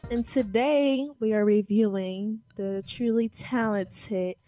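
A woman's voice: medium pitch, fairly even intonation, slow, dark tone, soft background music. A woman co-hosting a podcast in casual chat, upbeat and teasing. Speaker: podcast co-host.

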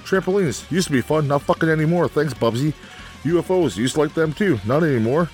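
A man's voice: a little high, lively intonation, brisk, darkish tone, faint music behind. A man co-hosting a game review, ranting angrily and swearing constantly, laughing between insults. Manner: angry, foul-mouthed, laughs between jabs. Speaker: co-host reviewing a video game. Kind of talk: profane comedic rant.

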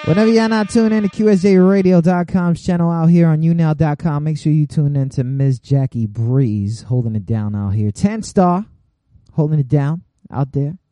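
A man hosting an internet radio show, giving loose, laughing on-air shout-outs and swearing freely. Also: fairly high pitch, normal speed, dry recording.

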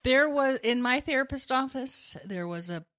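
A woman whose voice swings widely in pitch trades playful, teasing jokes in a relaxed chat. Her voice sounds close and dry, with no room echo. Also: normal speed. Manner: playful teasing, jokey asides. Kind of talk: casual comedic chat.

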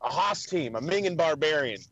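A man's voice: on the high side, expressive, moderate pace, a bit bright, dry recording, highs cut off. Profane, rambling male podcast host. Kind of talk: casual chat.

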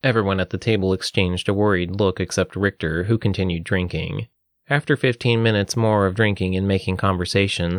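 A man with a low voice narrates a fantasy tale at a steady, even pace. The recording is close and dry, with no room sound around him. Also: dry recording. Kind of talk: storybook narration.

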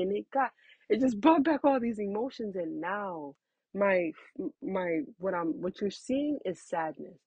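Young woman, husky, unhurried, earnest parenting chat, dry lo-fi recording. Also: a little high, darkish tone, no room sound. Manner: earnest, chatty, laughs often. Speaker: parenting host. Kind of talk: casual advice talk. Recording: dull lo-fi sound.

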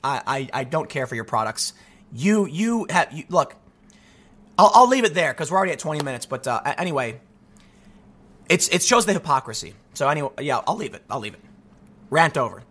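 This young American guy hosts his own channel and delivers a solo rant, full of restless energy and restarted sentences. His pitch is slightly high, his pace slightly quick, and there's a breathy edge to his voice.

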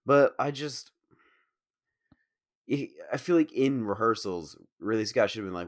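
A man with a very deep voice picks apart a film in relaxed podcast chat. He sounds blunt, critical and loose with his swearing. The recording is dry and close, with no room echo. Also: fairly quick. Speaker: podcast co-host. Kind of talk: casual film discussion.

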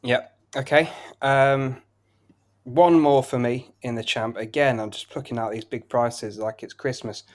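A man runs through his football betting picks at a brisk clip, listing scores and odds in long, flowing runs. His voice sits at an ordinary middle pitch, and his delivery stays casual and conversational. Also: fairly even intonation. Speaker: betting podcast co-host. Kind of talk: casual betting tips chat.

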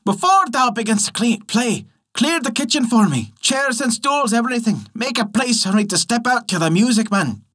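A man's voice: very high voice, expressive, moderate pace, hardly any pauses, fairly bright tone, breathy edge, pitched above the performer's own voice, heavily acted. A man voicing a mischievous fairy changeling boy with a harsh, commanding voice. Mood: bossy. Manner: bossy, cheering and commanding.

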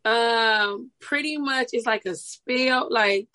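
A woman's voice: fairly high pitch, slow, pushed and bright. A woman co-hosting a casual chat, hesitant and repeating herself as she searches for words. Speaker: podcast co-host. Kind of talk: casual chat about TV shows.

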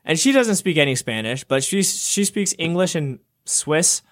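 A young man co-hosting a casual talk show, telling a travel story with lively acted-out quotes. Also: normal speed. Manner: animated storyteller, acts out quotes with jumps in pitch. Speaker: podcast co-host.

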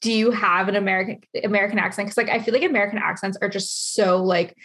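A woman's voice: mid-range voice, steady tone, quick pace, fairly bright tone, breathy edge. A woman hosting a casual interview, talking in a bubbly, rambling way. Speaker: interviewer, podcast host.

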